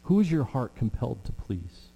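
A middle-aged man preaching a sermon with earnest, drawn-out emphasis and frequent fillers. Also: medium pitch, very animated, gravelly, dark tone, husky, lo-fi sound. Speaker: pastor. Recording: long hall reverb with mains hum.

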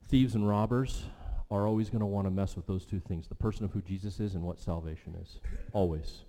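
A man's voice: sits low, fairly even intonation, a little fast, dark tone. A man preaching a sermon as pastor, with an emphatic delivery that rises and falls. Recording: long church hall reverb.

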